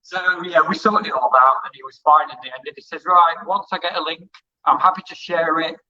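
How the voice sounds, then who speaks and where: Bright-voiced man telling rambling anecdotes. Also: a little high, steady tone, fairly quick, highs cut off. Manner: rambling anecdotes, acts out quoted dialogue. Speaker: music interviewer and former hospital radio presenter. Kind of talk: casual interview storytelling.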